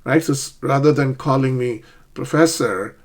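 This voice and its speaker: A man's voice: mid-range voice, moderate pace. A middle-aged man teaching an online English lesson, explaining steps and checking in with "okay?" and "right?".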